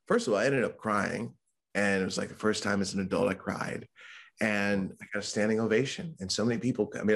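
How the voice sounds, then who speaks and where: A man with a gravelly, husky voice sitting low in his range, talking openly in a podcast interview. He speaks in a candid, conversational way and sometimes slips into quoted voices as he tells his story. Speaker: mental health speaker and author.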